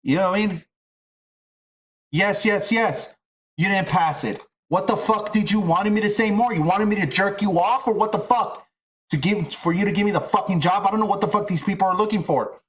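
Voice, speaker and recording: A man's voice: high voice, a bit bright. A middle-aged man streaming, ranting casually and profanely about job rejections. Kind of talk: casual rant while streaming.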